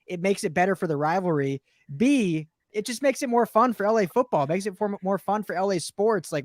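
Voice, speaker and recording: A male podcast co-host with a slightly raised pitch, recorded close and dry. He talks football in a loose, joking, rambling way. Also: no echo. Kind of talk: casual sports talk.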